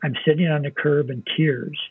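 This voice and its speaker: A man's voice: fairly high pitch, steady tone, moderate pace, husky, no room sound. An older American man, a military veteran, telling his story as an interview guest in a plainspoken way, swearing freely. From United States. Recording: dry, phone-like narrow sound.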